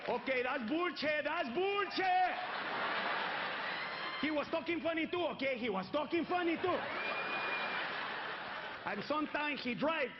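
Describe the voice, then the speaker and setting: A man voicing an excitable immigrant brother who speaks broken English, loud and indignant. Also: very high voice, normal speed, pauses often, over a noisy crowd, voice pushed up. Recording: dull live stage recording, audience noise.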